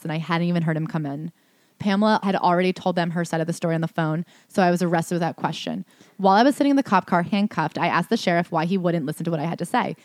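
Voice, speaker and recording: Reading passages aloud on a casual podcast, this woman co-host responds with fast, sarcastic incredulity. Her pitch is fairly low, and the studio-quality audio has no room sound.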